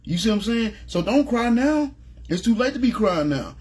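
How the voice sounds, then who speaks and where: Husky-voiced, high-pitched middle-aged male preacher. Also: big pitch swings, normal speed, darkish tone. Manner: emphatic, plain-spoken, repeats "you know what I'm saying". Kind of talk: informal Bible teaching.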